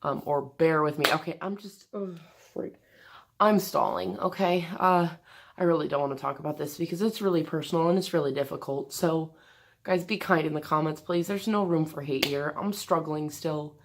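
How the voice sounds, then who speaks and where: A woman vlogger talking candidly to the camera from her bed, in a halting, hesitant way with many restarts. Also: sits low. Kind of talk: candid personal talk to camera. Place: bedroom, sitting on an air mattress.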